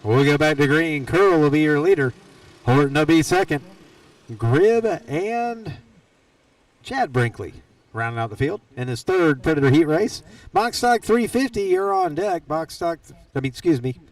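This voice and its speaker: A man's voice: fairly high pitch, animated, moderate pace, dry recording, far from the mic, low-quality recording. A man calling live go-kart races, folksy and teasing the drivers as he jokes between laps. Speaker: race announcer. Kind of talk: live race commentary. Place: racetrack announcer stand.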